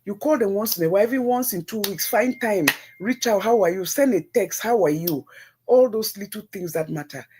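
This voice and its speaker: A woman's voice: medium pitch, brisk, hardly any pauses, noisy background. A middle-aged woman with a Nigerian accent, hosting a livestream and giving earnest, preachy advice to her viewers, repeating herself for emphasis. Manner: preachy, religious. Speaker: livestream host. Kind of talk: casual advice talk to live viewers.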